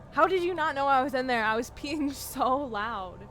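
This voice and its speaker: A woman streaming a video game live, chatting with viewers and breaking into loud yells and laughter. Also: high voice. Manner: animated, bursts into yelling and laughter. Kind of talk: live gameplay commentary.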